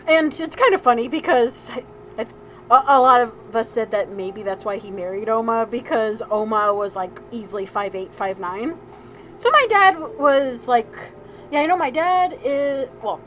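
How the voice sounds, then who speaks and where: A woman's voice: on the high side, a bit bright, rough recording. A woman hosting a live crafting stream, telling a family story in a casual, rambling way with frequent laughs and restarts.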